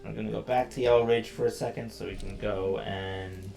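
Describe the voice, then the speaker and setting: A man's voice: fairly low pitch, steady tone, fairly quick, vocal fry, music in the background. A man giving casual let's-play commentary, thinking aloud and grumbling wryly at the game. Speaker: gameplay commentator.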